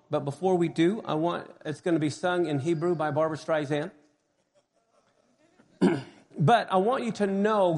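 A man preaching, retelling a story in an earnest, measured manner. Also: on the high side, a little mellow, long reverb tail. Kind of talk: sermon storytelling.

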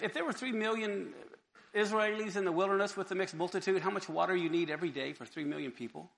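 A man teaching from the Bible in an animated way, acting out the crowds and Moses in lively voices, with a gravelly edge to his speech. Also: high voice, in a large hall.

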